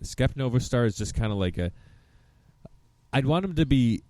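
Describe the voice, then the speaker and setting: A man co-hosting a podcast, chatting casually and excitably, swearing freely and laughing often. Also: medium pitch, moderate pace, no room sound. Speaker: podcast co-host. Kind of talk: casual chat.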